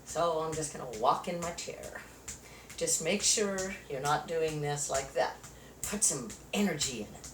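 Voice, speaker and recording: Guiding a chair yoga class, a woman with a low voice and lively intonation speaks a little slowly, counting out moves and offering encouragement while somewhat breathless. The room echoes, the mic is distant, and faint noise is present.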